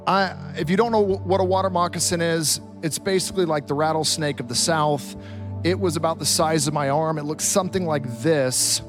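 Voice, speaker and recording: A man in his thirties, a pastor preaching a sermon from a stage and telling stories in an animated, vivid way. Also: a little high, a little fast, over music. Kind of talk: storytelling sermon. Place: church stage.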